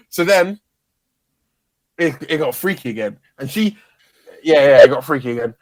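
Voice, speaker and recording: A man's voice: on the high side, lively intonation, moderate pace, dry recording. Young guy telling a story, dry mic. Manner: laid-back, slangy, quotes himself and others. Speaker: podcast guest. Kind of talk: casual storytelling chat.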